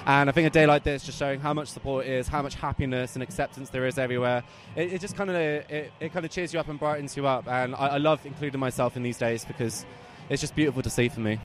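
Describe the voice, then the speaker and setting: A man's voice: mid-range voice, steady tone, quick pace. A man in his twenties, interviewed outdoors at a street parade, talking earnestly and chattily with many fillers. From England. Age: 20s. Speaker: parade attendee.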